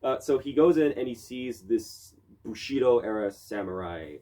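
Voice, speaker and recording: A man's voice: medium pitch, animated, moderate pace, mellow. Profane, rambling male podcast host. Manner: loose and profane, acts out character lines. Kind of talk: casual chat.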